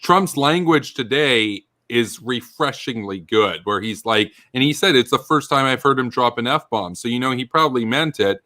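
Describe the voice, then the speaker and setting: A man hosts a loose political commentary chat, heated and ranting, with plenty of swearing. His voice is bright and forceful. The sound is dry and close, with no room around it. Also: medium pitch, animated, normal speed, few pauses, no echo.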